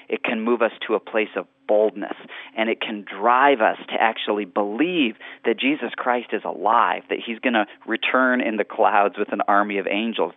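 A man's voice: lowish voice, dry recording. Earnest man on a tinny phone line. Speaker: author and guest. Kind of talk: radio interview talk.

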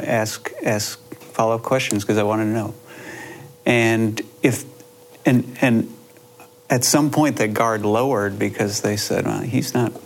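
A man, a filmmaker being interviewed, talking about his film in a reflective, halting way with many restarts. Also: on the low side, creaky, a little hiss or hum. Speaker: filmmaker guest. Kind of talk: conversational interview.

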